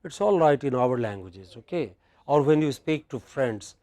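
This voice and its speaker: A man with an Indian English accent teaching in a classroom, leading a drill and stressing each word loudly for the class to repeat. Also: mid-range voice, lively intonation, moderate pace.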